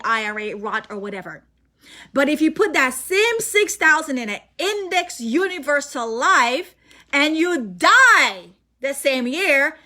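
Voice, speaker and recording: High bright excited woman presenter. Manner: excited, emphatic, repeats points to the audience. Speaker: financial presenter. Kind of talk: energetic sales presentation.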